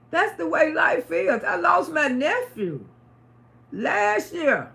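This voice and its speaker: A middle-aged woman talking to her livestream audience from home. Her voice sits high and bright, with a gravelly edge. She tells her story in an emphatic, repetitive, often profane way. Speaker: livestream host. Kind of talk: casual storytelling to a live audience.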